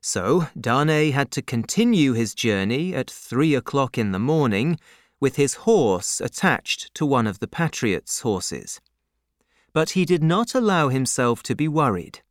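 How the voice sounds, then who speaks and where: A man narrates a classic story at an unhurried, careful pace. His intonation rises and falls expressively across each sentence. The recording is close and dry, with no room sound. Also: mid-range voice, no room sound. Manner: slow, measured reading with lively intonation. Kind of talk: audiobook narration.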